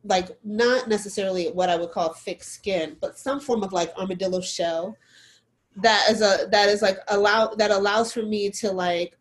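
A woman speaking as a guest in a candid conversation, animated and laughing often, restarting her phrases as she works out her thoughts. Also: medium pitch, moderate pace, rough recording.

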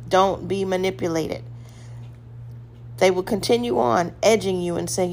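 Lady preaching a quick devotional, lowish voice, firm, keeps repeating short commands, faint hum behind. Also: a little mellow. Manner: acts out a weak, hesitant voice when giving examples. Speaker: devotional podcast host.

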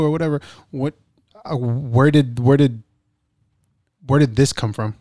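A man's voice: mid-range voice, fairly even intonation, measured pace, long pauses, a little mellow, no echo, clean studio sound. A man hosting a casual interview, asking loose, rambling questions and swearing casually. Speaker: podcast host.

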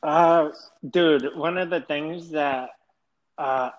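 A man's voice: a little high, very slow, highs cut off, a little hiss or hum. A man chatting casually with a friend, teasing him and swearing freely. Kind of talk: casual chat.

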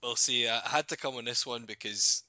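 A man's voice: mid-range voice, a little fast, bright, forceful tone, dry recording, lo-fi sound. A Scottish man in his twenties, co-hosting a podcast in casual, self-mocking banter and laughing often. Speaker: podcast co-host.

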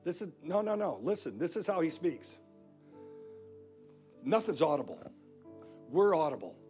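High-pitched guy preaching hard in a church, repeats himself for punch, faint music underneath. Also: big pitch swings, measured pace, darkish tone. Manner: emphatic preaching with repeated phrases. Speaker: guest pastor. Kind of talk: sermon.

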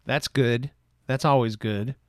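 A man's voice: medium pitch, fairly even intonation, measured pace, no echo, studio quality. A man hosting a podcast, chatting casually with a jokey, rambling manner. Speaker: podcast host. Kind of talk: casual chat.

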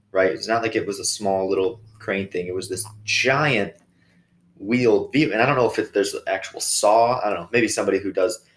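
A man's voice: fairly low pitch, reverberant. A young adult man hosting a casual solo podcast, telling stories in a joking, self-deprecating way. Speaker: podcast host.

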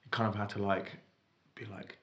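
A man's voice: lowish voice, level tone, normal speed, a bit bright. A young man with a London accent chatting casually and telling rambling stories full of fillers. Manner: rambling, filler-heavy storytelling. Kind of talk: casual chat. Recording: roomy echo.

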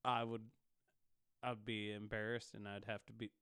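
Smooth-voiced young man swearing through banter. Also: lowish voice, flat delivery, moderate pace, fairly bright tone, no echo, studio quality. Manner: profane, joking, mock-angry bickering. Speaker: podcast co-host. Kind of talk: casual chat.

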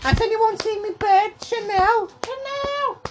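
A woman voicing a frantic woman from Liverpool who is shouting for her lost parrot. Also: measured pace, noisy background. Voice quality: shrill, very high.

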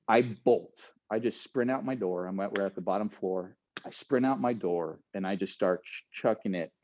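A middle-aged man casually retelling a story, animated, laughing now and then and acting out what people said. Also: deep voice, dry recording, dull audio. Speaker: guest telling a story.

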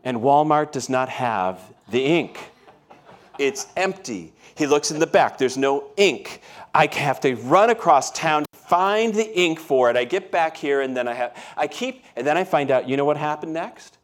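A man's voice: fairly high pitch, lively intonation, normal speed. A man preaching a sermon as pastor, telling everyday stories in a conversational way and often checking in with the congregation. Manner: conversational storytelling, asks the congregation questions. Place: church.

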